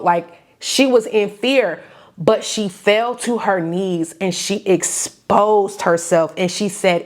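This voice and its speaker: Speaking slowly in a mid-range voice, a woman who works as a faith-based coach teaches a Bible study with fervent emotion. She repeats lines for emphasis, calls her listeners y'all, and is tearful at times.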